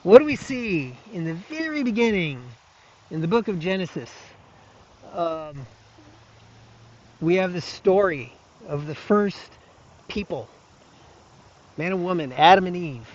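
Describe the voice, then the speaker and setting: A man giving an earnest, reflective monologue to camera, speaking haltingly with many restarts and fillers and an occasional soft laugh. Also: high-pitched, expressive, muffled recording, slight background noise. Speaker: video blogger.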